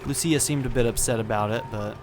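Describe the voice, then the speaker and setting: A man's voice: medium pitch, noisy background. Laid-back man thinking aloud over a game. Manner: relaxed, chatty, thinking aloud with fillers and quick laughs. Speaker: let's play gamer. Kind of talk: casual game commentary.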